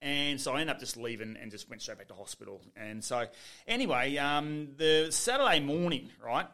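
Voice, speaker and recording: Middle-aged Australian man, lively pitch, story-spinning podcast guest. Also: normal speed. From Western Australia. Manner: animated storyteller, acts out quotes, laughs often. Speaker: podcast guest, former footballer. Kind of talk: storytelling in casual chat.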